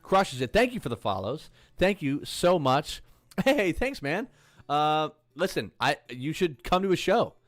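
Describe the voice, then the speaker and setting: A man, a musician, chatting casually and excitedly with viewers on a livestream. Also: on the high side, unhurried, no echo. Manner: upbeat, rambling, excited.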